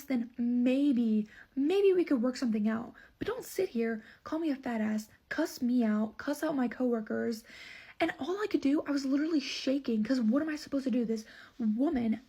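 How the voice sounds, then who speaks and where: A woman's voice: sits high, warm tone, slightly rough. A woman who manages a store, telling a customer story in an indignant, emphatic, casual storytime way. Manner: indignant, emphatic retelling with asides.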